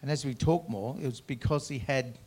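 A man's voice: mid-range voice, fairly quick, slightly rough. Earnest male pastor preaching. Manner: earnest, swings from loud emphatic to quiet conversational. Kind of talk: sermon.

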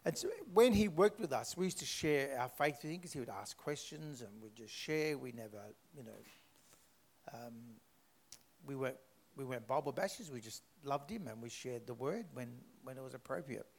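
A man's voice: mid-range voice, expressive, moderate pace. A man leading a church prayer and telling a faith story, chatty and rambling with fillers and restarts. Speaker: church speaker.

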